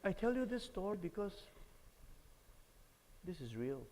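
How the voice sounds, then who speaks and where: A man's voice: high voice, big pitch swings, measured pace, darkish tone, big-room sound, slight background noise, poor audio. A man with a Singaporean English accent, preaching a sermon and telling stories while asking the audience questions. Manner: storytelling, asks the audience questions.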